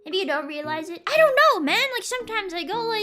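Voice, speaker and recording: A woman's voice: very high-pitched, big pitch swings, a little fast, a bit bright, soft background music. A young woman streamer chatting casually and reading chat, rambling and laughing, insisting with repeats.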